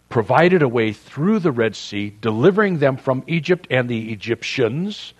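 A man preaching a sermon as a pastor, in a conversational, joking storytelling manner. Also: medium pitch.

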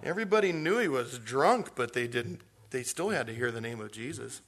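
A man's voice: mid-range voice, expressive, brisk, a bit bright, a little hiss or hum. A man preaching a sermon in a folksy, rambling way, full of restarts and stories. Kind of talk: storytelling sermon.

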